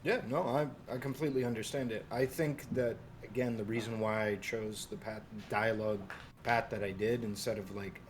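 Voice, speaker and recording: A man explaining himself in a measured, slightly defensive way in casual chat. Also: mid-range voice, slight background noise.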